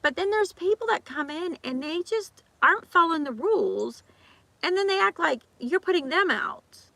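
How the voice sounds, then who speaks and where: A woman's voice: very high-pitched, lively intonation, vocal fry, pushed and bright, dry recording. A woman vlogger in casual chat, ranting animatedly with lots of repeats and acted-out quotes. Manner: talks fast with restarts and repeats.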